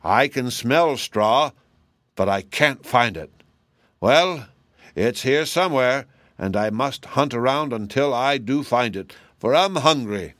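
Man doing a storybook beast, huge, hungry, slow growling drawl, dry close sound. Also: medium pitch, animated, fairly bright tone, no echo, voice pushed up. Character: huge hungry long-necked male beast, greedy but mild.

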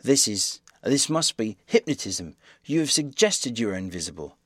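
A man's voice: medium pitch, sing-song, moderate pace, fairly bright tone, dry recording, studio quality. A man voicing a bewildered, frightened man who asks raised, agitated questions. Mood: flustered.

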